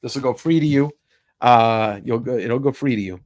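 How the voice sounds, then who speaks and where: A man's voice: mid-range voice, moderate pace, darkish tone, no room sound. A man hosting a casual live stream, bantering with viewers and laughing at their comments. He swears freely and talks loosely. His mid-range voice is recorded close and dry, with no room sound around it. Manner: jokey, swears freely, reacts to chat comments, laughs often. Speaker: livestream host.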